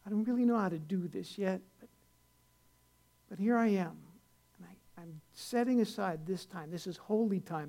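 A man's voice: high voice, a little mellow. Folksy older male pastor preaching. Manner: folksy and rambling, with many restarts, rising to earnest emphasis. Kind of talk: conversational sermon.

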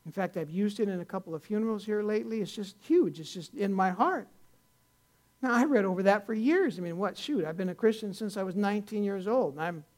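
A man's voice: high voice, fairly quick, darkish tone. An older man, a pastor, preaching a conversational sermon in a folksy, rambling way, with many restarts, rising to earnest emphasis.

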